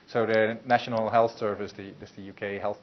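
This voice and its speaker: A man's voice: on the low side, level tone, a little fast. A man lecturing a university class in a loose, conversational way, with many fillers and restarts. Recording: muffled lecture recording with faint hiss.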